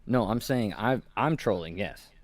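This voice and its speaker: Low-voiced earnest man defending his view. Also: animated, measured pace. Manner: earnest, defensive, talks about honor. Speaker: podcast co-host. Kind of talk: casual chat.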